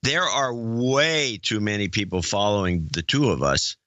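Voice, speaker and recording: Blunt, low-voiced podcast co-host man. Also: measured pace, bright, forceful tone, no room sound, dull audio. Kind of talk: casual chat.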